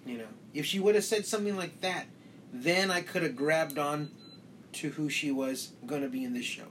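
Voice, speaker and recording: Male podcast co-host, bright tense voice, agreeable, quick affirmations, faint noise behind. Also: on the high side. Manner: agreeable, chimes in with short affirmations. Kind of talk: casual podcast discussion.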